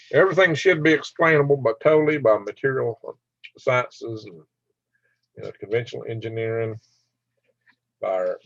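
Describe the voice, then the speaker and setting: A man's voice: mid-range voice, no room sound, lo-fi sound. An older man hosting a casual livestream, rambling and laughing as he answers viewers' comments by name. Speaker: channel host reading live chat.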